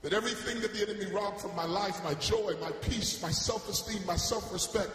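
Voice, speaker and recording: Preacher, man, high voice, passionate storyteller, church hall echo. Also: a little fast, faint music behind. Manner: passionate storytelling, swinging from soft to loud. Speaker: gospel singer giving testimony. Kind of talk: sermon testimony. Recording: echoey church hall, faint hum.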